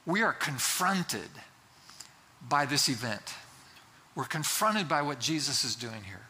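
A man's voice: medium pitch, sing-song, slow, bright, forceful tone, breathy edge. A man preaching a sermon in a conversational way, with fillers and restarts. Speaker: pastor.

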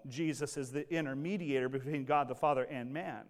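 A male pastor preaching a sermon, animated and conversational, acting out quoted voices as he explains a passage. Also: mid-range voice, brisk.

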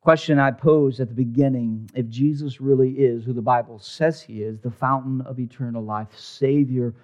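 A male pastor preaching a sermon, dramatic, swinging from loud emphasis down to a hushed near-whisper. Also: mid-range voice, steady tone, moderate pace, muffled recording.

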